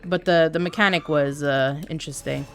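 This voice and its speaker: A young woman from Canada chatting casually on a live stream while gaming, talking to her chat with an animated, swearing manner. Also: low voice, moderate pace. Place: home room.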